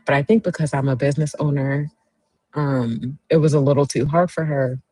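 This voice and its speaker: A woman hosts a casual livestream, chatty and encouraging as she reads out viewer comments. Her voice is husky and mellow, and she talks at an unhurried pace. The sound is close and dry. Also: deep voice, fairly even intonation, no room sound, poor audio. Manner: chatty storyteller, cheers viewers on warmly. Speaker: host.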